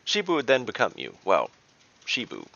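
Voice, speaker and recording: A man's voice: medium pitch, huge pitch swings, moderate pace, gravelly, sharp tone, no room sound, pitched above the performer's own voice, heavily acted. A man voicing a mischievous male halfling trickster god in a gleeful, teasing, theatrical way. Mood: playful. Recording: dull dry lo-fi recording.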